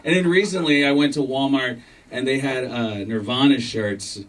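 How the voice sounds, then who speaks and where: A man's voice: mid-range voice, moderate pace, a bit bright. A male stand-up comedian doing a profane, self-mocking set on a comedy club stage, acting out both sides of arguments, with audience laughter behind him. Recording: distant club recording with room noise.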